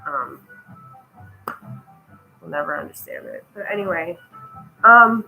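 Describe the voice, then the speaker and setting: Woman vlogger, bright voice, rambling and self-mocking, swears freely, phone-filmed home walk-through with faint music behind. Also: lowish voice, expressive, slow, rough recording. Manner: talks while walking around her home. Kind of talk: casual rambling vlog. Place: cluttered home.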